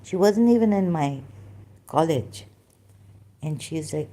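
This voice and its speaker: Low, slow, mellow-voiced woman rambling. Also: lively intonation. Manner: rambling, self-interrupting, many restarts. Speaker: vlogger. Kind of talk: casual monologue.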